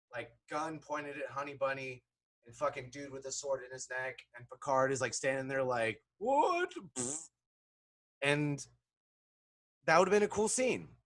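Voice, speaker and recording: A man giving sarcastic, profane reaction commentary, swinging between low mutters and loud outbursts.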